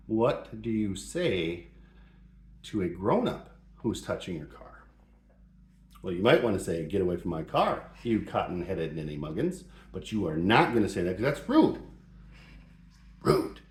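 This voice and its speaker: Brief: middle-aged male host, lively up-and-down delivery, playful mock-serious tone, roomy echo. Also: on the low side. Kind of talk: joking advice talk. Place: home shop or garage.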